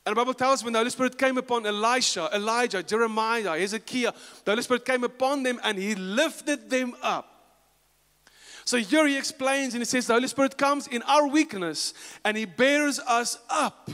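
A man with a South African accent preaching a sermon as pastor, moving between loud, rising declarations and quiet storytelling. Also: very high voice, normal speed, smooth, long reverb tail. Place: church sanctuary.

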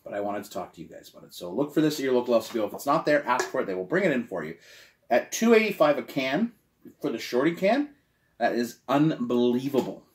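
A man reviewing beer in a casual vlog, enthusiastic, swinging from quiet murmurs to loud exclamations. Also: mid-range voice, sing-song, fast talker.

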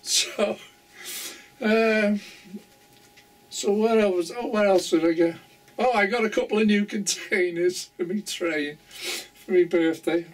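A man's voice: high-pitched, takes it slowly, pauses often, distant mic. An older man chatting casually to camera about his model railway, rambling and chuckling often.

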